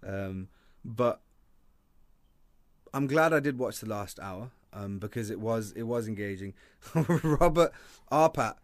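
A man co-hosting a film chat, animated and joking, with a voice that jumps up when he gets excited. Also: dry recording. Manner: animated and joking, quick pitch jumps, laughs often. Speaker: podcast co-host reviewing films. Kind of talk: casual chat.

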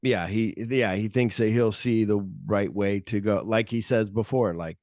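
A man's voice: on the low side, steady tone, normal speed, darkish tone, dry recording, clean studio sound. A man hosting a podcast, casually retelling film scenes in a rambling way, full of "like". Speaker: podcast host.

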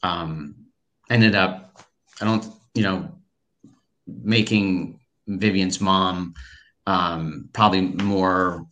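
Very deep, forceful man musing as a guest. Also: fairly even intonation, very slow, highs cut off. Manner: rambling, reflective, many fillers. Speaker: interview guest. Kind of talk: casual interview chat.

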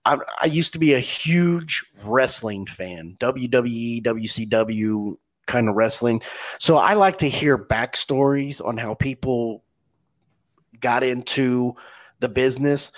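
Halting, chatty male podcast host. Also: medium pitch. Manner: halting, repeats words while telling stories. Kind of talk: casual chat.

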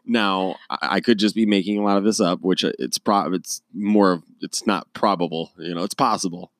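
Man, american, young adult, very deep voice, dry close sound, rambling, self-mocking podcast chat. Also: steady tone, normal speed, fairly bright tone, no echo. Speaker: podcast co-host. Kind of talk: casual chat.

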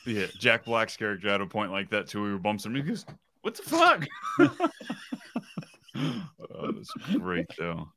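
A man's voice: fairly low pitch, normal speed, bright, forceful tone, a little hiss or hum. A man co-hosting a casual movie podcast, laid-back, quoting scenes in silly voices. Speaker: podcast co-host.

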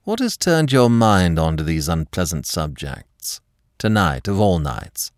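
A man voicing a smooth, secretive husband in an audiobook reading, speaking gravely and low. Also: big pitch swings, measured pace, no room sound, studio quality. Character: husband, smooth-talking, secretive, quick to anger.

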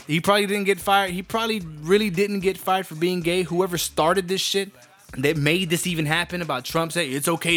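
A man tears through a profane comedic rant, brash and blunt. His voice sits a little high for a man, and soft music plays faintly behind him.

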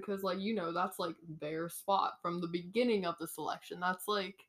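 A woman's voice: fairly low pitch, moderate pace. A young woman co-hosting a casual podcast, retelling a book's scenes with a giggle and acting out the characters' lines. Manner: giggly, says "like" a lot. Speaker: podcast co-host. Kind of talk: casual book chat.

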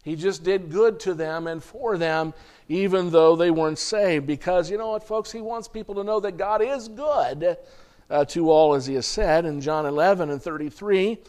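High-voiced preacher man reading scripture, calls everyone folks, clears his throat now and then. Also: normal speed, darkish tone. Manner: reads scripture aloud and addresses the congregation as folks. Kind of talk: sermon.

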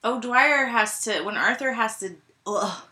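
A woman's voice: a little high, a little slow, sharp tone. A woman co-hosting a casual movie-discussion podcast, rambling with lots of fillers and frequent laughs. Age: adult. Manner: giggly. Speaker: podcast co-host. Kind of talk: casual chat about movies.

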